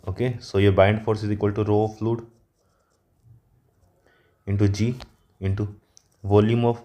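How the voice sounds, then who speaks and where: A man working through an engineering problem at a whiteboard, halting often with fillers and self-corrections. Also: on the low side, level tone, dark tone. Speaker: engineering exam tutor.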